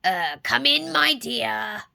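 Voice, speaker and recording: A woman voicing a sly, hungry male wolf in a storybook reading, with a croaking, mock-sweet growl. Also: fairly high pitch, animated, takes it slowly, pushed and bright, voice pushed up, heavily acted.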